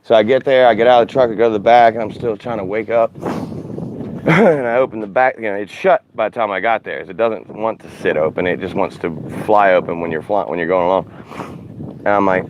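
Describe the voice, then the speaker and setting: A man's voice: on the low side, brisk, highs cut off, noisy background. A man in his forties, a former radio host, telling casual rambling stories about his life, often correcting himself and laughing at his own tales. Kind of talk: casual storytelling monologue.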